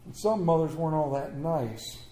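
High-voiced pastor preaching with humor. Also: male voice, animated, moderate pace, mellow, reverberant. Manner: storytelling with humor, call and response. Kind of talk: sermon.

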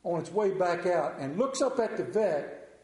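A man's voice: high voice, expressive, moderate pace, a crowd in the background. A man pastoring a church, telling a joke story in a folksy manner and then reading a psalm aloud. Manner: folksy storyteller, drawling humor. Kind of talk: sermon with jokes and scripture reading. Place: church sanctuary. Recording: echoey church room.

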